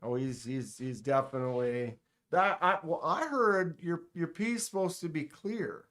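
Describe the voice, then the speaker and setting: A man hosting a casual live stream, joking around and talking straight to his chat with quick exclamations. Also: fairly high pitch, animated, a bit bright. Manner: playful, joking, talks to chat directly; exclaims short interjections. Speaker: livestream host.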